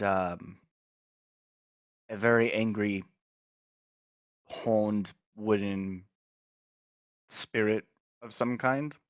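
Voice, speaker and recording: A man's voice: lowish voice, no echo, dull audio. A man playing his character in a tabletop game, speaking earnestly and searching for words. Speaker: player. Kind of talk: in-character tabletop role-play.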